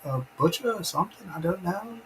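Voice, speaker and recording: A man's voice: high-pitched, expressive, a little fast, a little hiss or hum, pitched above the performer's own voice, rough recording. A man putting on the voice of a weary 1960s British rock musician, musing glumly and offhandedly.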